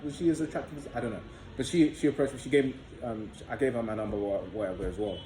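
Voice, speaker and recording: A young man spins a long personal story for his viewers, relaxed and rambling, swearing freely. His voice is mellow and dark-toned. The room rings with echo and a faint hiss sits underneath. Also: medium pitch, quick pace. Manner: loose, profane, filler-heavy storytelling. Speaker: vlogger. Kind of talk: casual storytelling to camera. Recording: echoey room with faint background noise.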